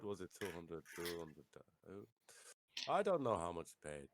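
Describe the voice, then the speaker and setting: A man's voice: low voice, sing-song, measured pace. A man playing a tabletop game, laid-back and joking. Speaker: player.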